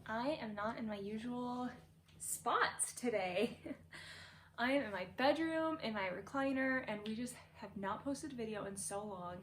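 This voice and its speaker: A woman's voice: a little high, expressive, a little slow. A young woman casually telling a birth story from her bedroom, chatty and laughing, full of "like".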